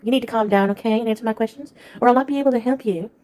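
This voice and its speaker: A woman's voice: a little high, very fast, warm tone, natural voice. A woman playing a rude, careless 911 dispatcher. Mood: condescending. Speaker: skit actor. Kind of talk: comedy skit acting.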